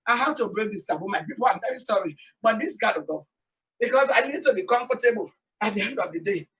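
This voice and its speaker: A woman from Sierra Leone with a Sierra Leonean accent, hosting an animated, emphatic talk monologue outdoors. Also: mid-range voice, fast, distant mic, low-quality recording. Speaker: host. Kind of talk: casual talk show monologue. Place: outdoors in hot sun.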